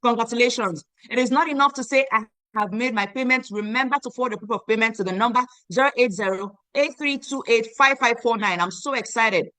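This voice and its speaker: A woman in her thirties from Nigeria, hosting an online meeting and giving an emphatic, repetitive sales pitch that urges listeners to act now. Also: fairly quick, few pauses, a bit bright, no room sound. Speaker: online meeting host selling a program. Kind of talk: motivational sales pitch on a video call. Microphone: video call.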